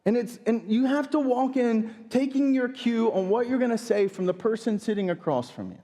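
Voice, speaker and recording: A man in his thirties, a pastor telling a funny, animated story during a sermon. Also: high-pitched. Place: church sanctuary. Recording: long hall reverb.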